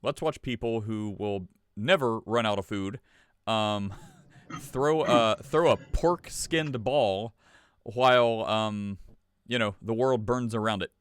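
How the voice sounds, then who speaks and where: A man's voice: on the low side, slow, clear, resonant tone, no echo. A man hosting a podcast in casual chat, sarcastic and laughing often as he reads stories aloud. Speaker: podcast host.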